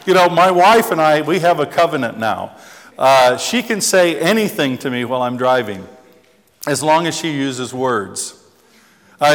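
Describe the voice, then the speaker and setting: Male pastor, casual self-deprecating sermon delivery, higher-pitched, reverberant church hall. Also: fairly bright tone, slight background noise. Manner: chatty, self-deprecating storyteller with many restarts. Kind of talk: conversational sermon with humor.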